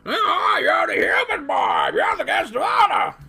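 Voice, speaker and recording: A man doing a shouting, eager restaurant owner. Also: very high voice, huge pitch swings, unhurried, vocal fry, soft background music, voice pushed up, full character voice. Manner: loud, shouting, welcoming. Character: excitable male restaurant owner called Pops.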